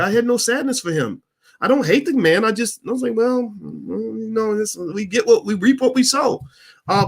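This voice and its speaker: A middle-aged man hosting a Q&A stream, telling a story in a blunt, profane, animated way. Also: a little high. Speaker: host of a Q&A stream. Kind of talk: candid storytelling monologue.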